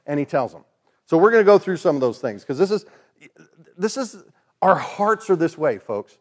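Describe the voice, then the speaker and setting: A man preaches a sermon in a relaxed, conversational way. His voice sits a bit on the high side, and he briefly acts out the voices of the people he quotes. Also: brisk. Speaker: pastor.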